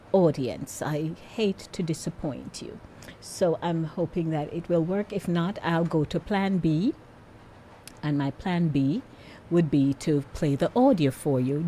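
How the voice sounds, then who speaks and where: A woman's voice: low-pitched, warm tone, slight background noise. A woman hosting a radio show, chatting playfully and talking straight to her listeners. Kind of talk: casual radio chat.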